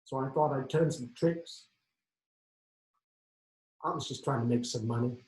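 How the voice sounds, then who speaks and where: A man voicing a drunk, dejected young man who has lost his job and home and speaks quietly and defeatedly. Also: mid-range voice, unhurried, close to an everyday voice. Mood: downcast. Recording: echoey room.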